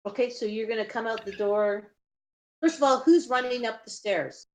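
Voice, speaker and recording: A woman running a tabletop game as game master, calling out rolls and rules in a brisk, instructive way. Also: on the high side.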